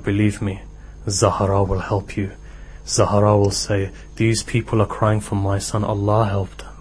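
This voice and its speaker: A man's voice: on the low side, a little mellow, slight background noise. A man with a British accent preaching a sermon in a mosque hall, telling stories and rising to impassioned exhortation.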